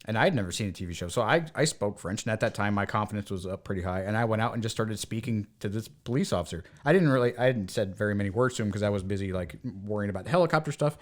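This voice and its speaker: This podcast co-host, a man from the United States, has a fairly low pitch and races along with few pauses. Chatting casually, he spins animated stories and performs the voices of their characters.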